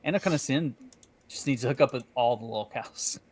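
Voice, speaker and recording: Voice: mid-range voice, fairly quick, darkish tone, no room sound. A co-host chats casually and makes wry remarks in a middling voice. The recording is dry and close, with no room sound. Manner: reacting, wry comments. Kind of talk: casual chat.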